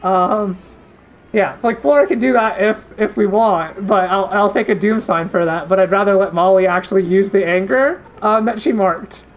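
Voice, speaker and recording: A woman's voice: medium pitch, normal speed. A woman playing a tabletop game, playful and often laughing. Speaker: player.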